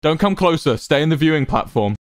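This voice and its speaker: A man voicing a calm, gentle young man who speaks steadily and softly in a read-aloud story. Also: fairly low pitch, a little fast, dry recording, studio quality, natural voice.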